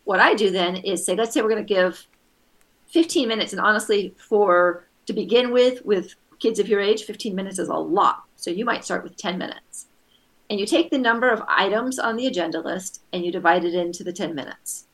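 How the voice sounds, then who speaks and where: Woman parenting coach, patient and explanatory, mid pitch. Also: brisk, a bit bright. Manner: patient, acts out kids' voices in quotes. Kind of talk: advice session.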